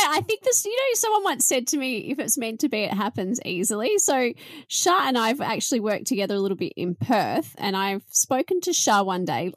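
A woman's voice: a little high, no room sound. A woman with an Australian accent hosting a podcast in bubbly, chatty talk, laughing often. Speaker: podcast host. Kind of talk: casual chat.

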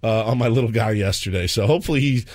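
A man in his thirties talks fast in a lowish voice while co-hosting a radio morning show. His story is animated and packed with acted-out voices.

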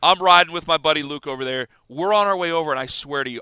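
Animated bright-voiced male radio host. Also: fairly high pitch, fast, hardly any pauses, smooth, no room sound. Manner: animated, laughing storyteller who acts out scenes. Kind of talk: casual storytelling on sports radio.

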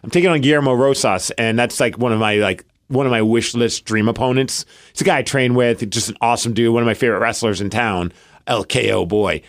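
A man's voice: medium pitch, a little fast. A man in his forties, co-hosting a podcast and telling a story in casual chat, acting out the lines he quotes. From US Pacific Northwest. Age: 40s. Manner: animated storyteller, acts out quotes. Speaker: podcast co-host.

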